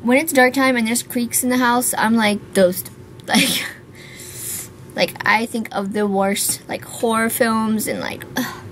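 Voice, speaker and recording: A woman's voice: fairly high pitch, steady tone, slow pace, fairly bright tone. Young woman, casual vlog chat, rambling and hyper, tired and yawning, faint background hiss. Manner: rambling, filler-heavy, hyper. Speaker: YouTuber.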